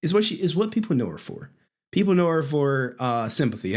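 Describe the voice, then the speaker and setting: A man's voice: on the high side, sing-song, normal speed. A man in his thirties giving blunt, profane, mocking commentary while he reacts to an interview clip.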